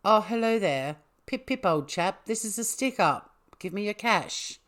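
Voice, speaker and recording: A woman's voice: medium pitch, expressive, unhurried, voice pushed up. A woman putting on a hammy posh English robber. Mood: blustering. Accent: put-on posh English. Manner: loud, theatrical, hammy. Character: posh English male bank robber, blustering.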